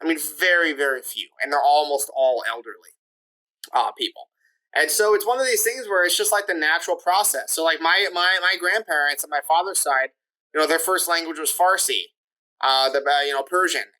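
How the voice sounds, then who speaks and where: A man talks as a guest on a podcast, and his voice has a bright, forceful edge. He explains his points in a loose, chatty way and fills his sentences with "like" and "you know." He often poses quick questions and then answers them himself. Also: fairly high pitch, low-quality recording. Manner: talkative, leans on "like" and "you know" fillers; lays out points step by step with rhetorical questions. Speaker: podcast guest discussing immigration. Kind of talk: casual explanatory interview talk.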